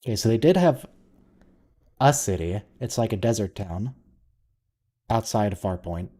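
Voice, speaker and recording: A man with a mellow, relaxed voice comments casually during a watch-along. He muses aloud, often restarting his sentences mid-thought, in an easygoing conversational way. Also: on the low side, moderate pace.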